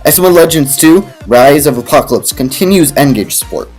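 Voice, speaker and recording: A man's voice: on the high side, expressive, moderate pace, darkish tone, soft background music. Sarcastic man reviewing games. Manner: dry, sarcastic asides. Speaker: game reviewer narrating. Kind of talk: comedic video narration.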